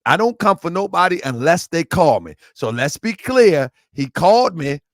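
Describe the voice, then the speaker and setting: A man's voice: a little high, sing-song, moderate pace, no echo, clean studio sound. A man hosting his online show, talking in a rambling, repetitive way with lots of slang. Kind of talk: casual livestream talk.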